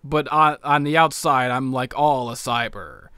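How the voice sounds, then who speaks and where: A boastful cyborg monster rumbles along at a slow, mock-menacing pace, put on by a man with a bright voice. The recording is very dry and close. It sounds like a podcast joke rather than a real performance. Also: fairly even intonation, clean tone, dry recording.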